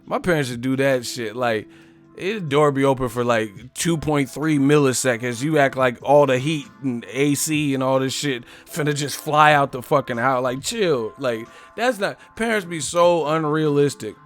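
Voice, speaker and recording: A man's voice: mid-range voice, moderate pace, soft background music. Profane, laughing man joking on a livestream. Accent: US English. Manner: profane, joking storyteller who laughs a lot. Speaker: boxing live-stream host. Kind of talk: casual live-stream chat.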